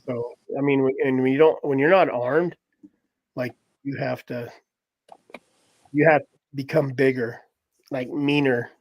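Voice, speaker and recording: A man's voice: mid-range voice, a little slow, long pauses, muffled recording. A man telling a story in casual conversation, laughing often and acting out what people said. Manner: animated, laughs often, acts out voices in quotes. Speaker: podcast host telling a story.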